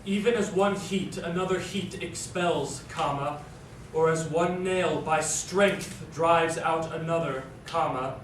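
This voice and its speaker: A man acting student reading verse slowly and deliberately, speaking each punctuation mark aloud. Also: fairly high pitch, slight background noise. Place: classroom. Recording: echoey room from far off.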